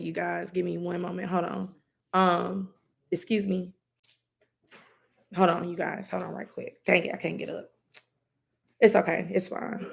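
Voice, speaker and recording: A woman's voice: on the low side, creaky. A woman doing a live-stream intuitive reading, talking casually with lots of fillers. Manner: casual, rambling, filler-heavy. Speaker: intuitive reader.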